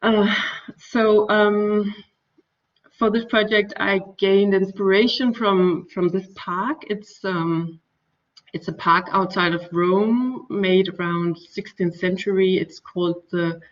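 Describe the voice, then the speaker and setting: A woman's voice: mid-range voice, steady tone, slow pace. A woman with a Danish accent, a native Danish speaker, giving an academic architecture talk with many fillers and restarts. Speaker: architecture lecturer. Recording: distant dull lo-fi recording.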